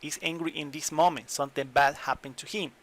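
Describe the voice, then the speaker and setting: A man teaching in an online lesson, English, explaining slowly and repeating examples. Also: fairly high pitch, steady tone, a bit bright. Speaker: Spanish teacher.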